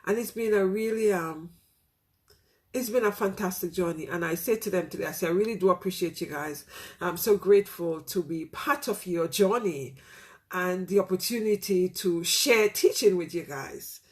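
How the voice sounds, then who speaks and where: A woman's voice: on the low side, moderate pace. A middle-aged woman, a teacher, talking candidly and from the heart to her listeners in a casual reflective monologue, with many "you know" fillers.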